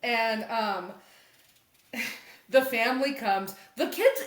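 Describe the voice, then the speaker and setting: In an echoey room, a woman co-hosting a podcast recaps a comic very slowly in a somewhat high voice. She tells the story casually and with animation, acting out the characters' lines and laughing often.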